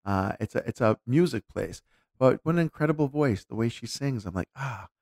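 A man's voice: mid-range voice, animated, a little fast, vocal fry, a little mellow, no room sound, studio quality. A man talking casually and candidly, reflecting aloud as he tells a personal story with frequent restarts.

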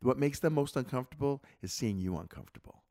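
Lively middle-aged male podcast host. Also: medium pitch, quick pace. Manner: animated storyteller, demonstrates exercises aloud. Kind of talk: casual chat.

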